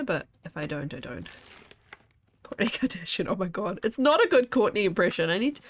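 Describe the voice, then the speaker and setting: Low-voiced chatty New woman. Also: fairly bright tone, slight background noise. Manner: chatty, laughs often, wanders between asides. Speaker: game streamer. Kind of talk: casual gameplay commentary.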